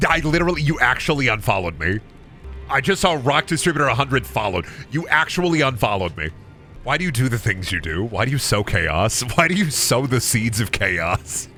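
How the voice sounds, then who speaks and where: A man's voice: medium pitch, sing-song, normal speed, pushed and bright, faint music behind. A man from Iowa streaming a video game, chatting casually in a goofy, jokey way and reading out chat messages. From Iowa, USA.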